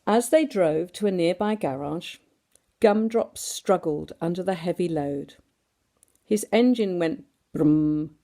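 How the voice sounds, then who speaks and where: A woman reading a picture book aloud for children, with sound effects and questions to her listeners. Her tone is warm and mellow with a touch of vocal fry. The pitch swings widely as she tells the story. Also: animated, a little slow.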